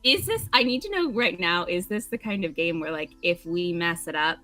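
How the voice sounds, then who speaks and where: A woman's voice: fairly low pitch, animated, moderate pace, bright, forceful tone, faint music behind. A woman casually chatting and joking while playing a story game, laughing often. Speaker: game streamer. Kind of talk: casual let's-play chat.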